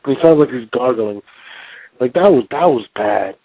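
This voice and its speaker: A man hosting a call-in show, talking casually, loudly and profanely, often repeating words as he rambles. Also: mid-range voice, expressive, moderate pace, creaky, no echo, poor audio. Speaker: show host.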